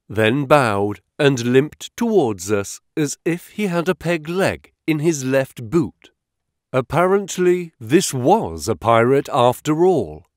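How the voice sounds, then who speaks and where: A man reading a first-person detective story aloud as audiobook narrator, measured and expressive. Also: mid-range voice, no room sound. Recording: dry close studio sound.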